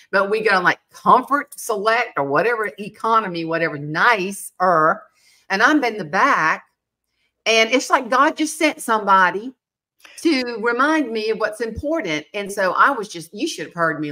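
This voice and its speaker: A middle-aged woman hosting a chat, telling self-mocking stories and acting out what people said. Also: mid-range voice. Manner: animated, self-mocking, acts out quotes. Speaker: podcast host. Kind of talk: casual storytelling chat.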